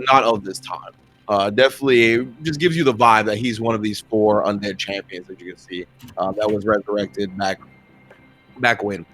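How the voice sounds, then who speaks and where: A man's voice: medium pitch, a bit bright. A man narrating a tabletop game as dungeon master, rambling and hesitant with lots of fillers.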